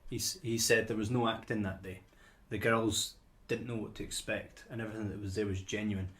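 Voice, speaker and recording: List: man, podcast co-host, low voice, casual film talk, rambling, repeats words. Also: little pitch movement, brisk, fairly bright tone. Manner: rambling, repeats words as he builds his point.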